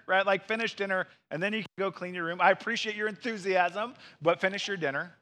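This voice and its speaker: Male pastor, high bright voice, earnest explanatory sermon delivery. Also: fairly even intonation. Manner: earnest, explanatory, with quick asides. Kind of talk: expository sermon.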